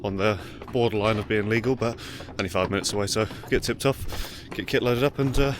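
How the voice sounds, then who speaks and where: A man with a somewhat low voice talks through his tree work in a brisk, matter-of-fact way. He is recorded outdoors on a work site. Clear outdoor noise sits under his voice the whole time. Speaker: tree surgeon. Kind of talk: casual vlog narration.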